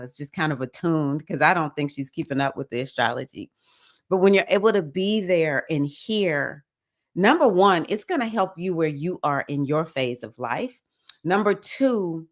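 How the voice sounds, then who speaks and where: Enthusiastic woman hosting a livestream. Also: lowish voice. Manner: enthusiastic, cheering viewers with whoops; reads viewer comments aloud. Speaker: livestream host. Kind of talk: casual livestream chat.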